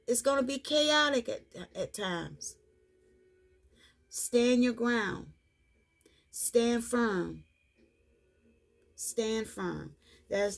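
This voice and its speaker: Slow, gravelly woman reading spirit cards. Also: medium pitch, darkish tone. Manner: slow, repetitive, reassuring delivery. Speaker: spiritual card reader. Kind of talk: tarot-style card reading vlog.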